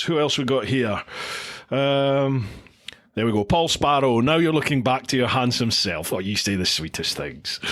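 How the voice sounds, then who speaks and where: A man's voice: medium pitch, a bit bright. Chatty man hosting a livestream. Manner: chatty, reads out viewer comments and greets each by name. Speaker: podcast host. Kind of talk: casual livestream chat. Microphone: studio mic into a recorder.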